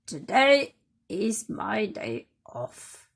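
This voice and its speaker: A woman's voice: medium pitch, very animated, very slow, creaky, breathy edge, exaggerated voice. A woman voicing a kindly grown-up male park keeper in a children's story, in a hearty, calling-out manner. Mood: musing.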